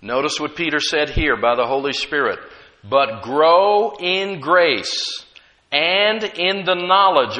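A preacher with a somewhat high, bright and forceful voice delivers a sermon at an unhurried pace. He is emphatic, repeats key phrases and leads his congregation in call-and-response.

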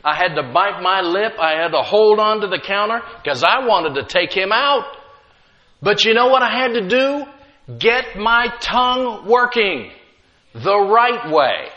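A middle-aged man preaching a sermon with emphatic delivery, rising loud then dropping quiet, and slipping in humorous asides. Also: high voice, lively intonation, normal speed, lo-fi sound. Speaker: pastor.

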